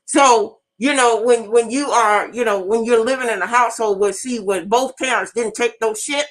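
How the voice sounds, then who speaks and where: Radio host, woman in her fifties, blunt and emphatic, tells stories to the audience with a fairly high voice. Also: normal speed, low-quality recording. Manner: storytelling, addresses audience directly, emphatic and blunt. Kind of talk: casual monologue to listeners.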